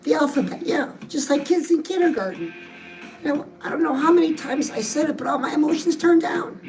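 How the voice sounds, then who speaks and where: High-voiced sassy woman giving advice. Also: animated, a little fast, darkish tone, rough recording. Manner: chatty, sassy, calls listeners "girls". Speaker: dating coach. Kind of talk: direct-address advice talk. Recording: music playing behind the voice.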